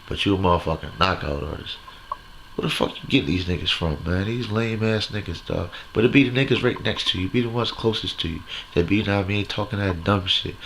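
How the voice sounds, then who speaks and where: A deep-voiced man with a gravelly, creaky edge rants brashly and profanely, hosting his own comedy bit straight to the camera. His talk rambles along on repeated catchphrases, over a noisy hiss in the recording. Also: fairly bright tone. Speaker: host of a comedy segment. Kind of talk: crude stand-up style rant to camera.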